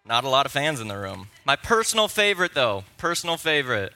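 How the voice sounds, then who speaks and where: Brief: male pastor preaching in church, bright tone, playful, geeky, excitable. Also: mid-range voice, quick pace, hardly any pauses. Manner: playful, excitable, self-deprecating, nerdy enthusiasm. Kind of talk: sermon. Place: church sanctuary.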